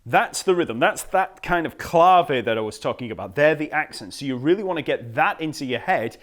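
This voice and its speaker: A man teaching a bass lesson, patiently explaining rhythms, counting beats aloud and scatting the patterns. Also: fairly quick. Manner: relaxed, patient explaining with fillers. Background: bass guitar playing.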